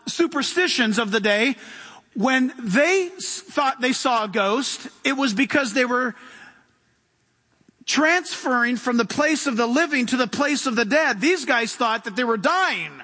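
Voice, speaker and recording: A man's voice: very high voice, lively intonation, measured pace, pushed and bright. A man preaching an impassioned sermon in a church, reading scripture and asking the congregation questions. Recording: long hall reverb.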